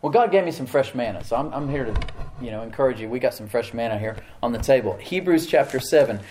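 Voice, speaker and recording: A man's voice: medium pitch, expressive, fast talker, a little mellow, a little hiss or hum. A middle-aged man preaching a sermon as pastor, talking conversationally and often asking the congregation questions.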